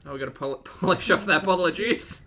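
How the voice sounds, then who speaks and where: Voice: mid-range voice, fast talker, noisy background. A commentary host, giving dry, mocking reaction commentary on food videos.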